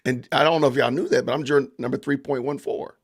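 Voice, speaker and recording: Gravelly Georgia-accented man chatting. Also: medium pitch, steady tone, fast. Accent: Southern US, Georgia. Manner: laid-back, chatty, greets viewers. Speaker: podcast host. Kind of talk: casual livestream chat.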